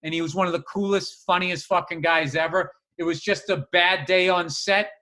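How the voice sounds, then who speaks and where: A man telling profane, animated comedic stories in casual podcast chat. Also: sits high, normal speed. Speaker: podcast co-host.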